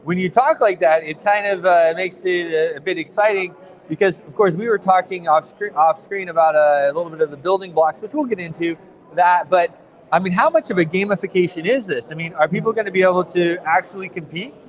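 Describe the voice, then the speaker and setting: A man's voice: sits high, brisk, poor audio. An American man interviewing a guest at a conference, chatty and enthusiastic, rambling a little. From United States. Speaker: interviewer at a crypto event. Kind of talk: casual on-site interview. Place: conference venue.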